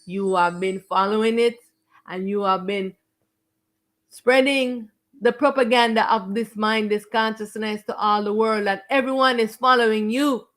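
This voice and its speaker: A woman spiritual teacher preaches to her stream audience in a raised, fairly high voice. She is confrontational and insistent, hammering points through repetition and slowing down to stretch the key words. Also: steady tone, fairly bright tone. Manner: emphatic and confrontational, stretching stressed words and repeating phrases. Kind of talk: preaching to viewers on a live stream.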